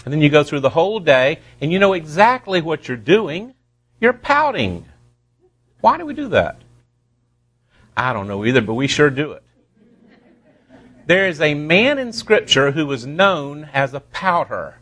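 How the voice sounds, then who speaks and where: Slightly high-voiced man preaching a sermon. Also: big pitch swings, fairly bright tone. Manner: emphatic, slowing down to stress key words; playful asides to the congregation. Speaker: pastor.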